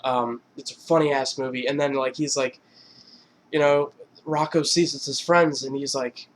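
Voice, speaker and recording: A man's voice: mid-range voice, steady tone, normal speed. A man vlogger casually retelling funny film scenes, rambling with many fillers and laughing between lines. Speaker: YouTube vlogger.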